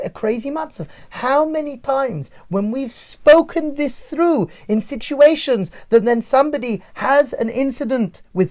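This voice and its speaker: Give me a man with an English accent, a rabbi explaining ideas in an animated way on a podcast. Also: very high voice. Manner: animated, acts out scenarios in character voices. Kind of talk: podcast discussion teaching.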